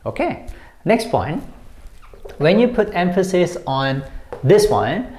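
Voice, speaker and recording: Woman, English teacher, slow and patient, repeats key phrases, echoey room. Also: sits low, sing-song, mellow. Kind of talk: explaining English usage to learners.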